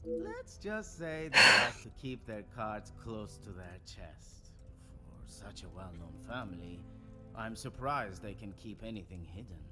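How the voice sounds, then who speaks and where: Sly flirty party guest, bouncy lively voice, bit of music behind. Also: male voice, fairly low pitch, unhurried. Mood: teasing. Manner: teasing, evasive, lively.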